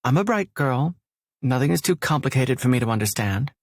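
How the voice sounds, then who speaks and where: A man voicing a teasing, stubborn young woman with a raspy voice in an audiobook romance. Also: medium pitch, lively intonation, fairly quick, no room sound, clean studio sound, pitched above the performer's own voice. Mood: probing. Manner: playful then probing, questioning. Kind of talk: audiobook narration.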